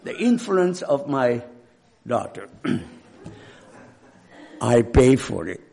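Slow gravelly older preacher. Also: male voice, mid-range voice, big pitch swings, warm tone. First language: not English. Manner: slow, halting, with frequent throat clearing. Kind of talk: sermon with personal story.

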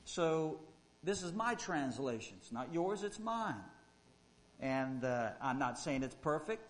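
Fervent preacher man, higher voice. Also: expressive, slow pace, poor audio. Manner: fervent, rises loud when quoting, many fillers. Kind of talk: sermon.

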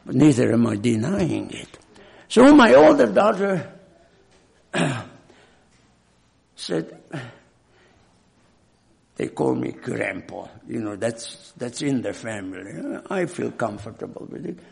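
An older man, not a native English speaker, preaching a sermon and telling a personal story, with a halting manner and frequent throat clearing. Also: mid-range voice, lively intonation, a little mellow.

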